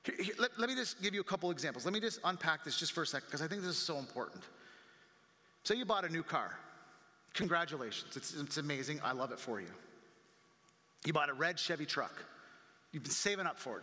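Bright-voiced man preaching in a reverberant hall. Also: fairly quick, pauses often. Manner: conversational preaching, acts out voices of critics; rises higher and louder when animated. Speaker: pastor. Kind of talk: sermon. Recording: long reverb from a large room.

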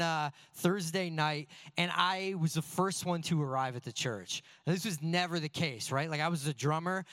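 A man on a church's staff delivers a sermon through a funny personal anecdote. His voice sits a bit high and sounds dry, with no room echo. He tells the story with animation and gently pokes fun at himself. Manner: animated, self-deprecating anecdotes. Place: church sanctuary before a congregation.

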